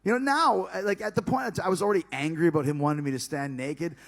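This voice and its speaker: A man casually telling a backstage story, animated and profane, acting out the other people's lines. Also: a little high, fast talker. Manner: animated and profane, acts out dialogue.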